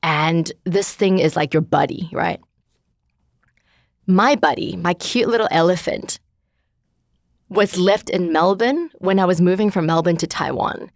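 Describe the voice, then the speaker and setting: A woman's voice: lowish voice, measured pace, pauses often, no room sound, clean studio sound. A woman in her thirties, a guest in an interview, talking candidly and searchingly about her life with many filler words. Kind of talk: reflective personal conversation.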